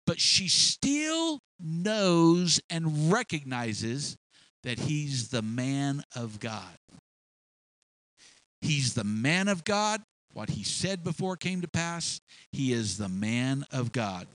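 A man's voice: on the high side, very animated, slow, a bit bright, dry recording, low-quality recording. A man preaching a sermon with emphatic delivery that rises and falls. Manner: emphatic, rising and falling delivery.

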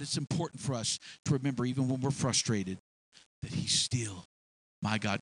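A man's voice: medium pitch, big pitch swings, normal speed, a bit bright, dry recording, low-quality recording. A man preaching a sermon with emphatic delivery that rises and falls. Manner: emphatic, rising and falling delivery.

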